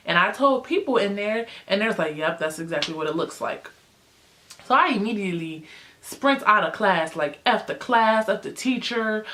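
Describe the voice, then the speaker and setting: A young woman vlogger telling a story in a casual, chatty way, with lots of fillers, jumping high in pitch when she acts out what people said. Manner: animated, acts out quotes with big pitch jumps.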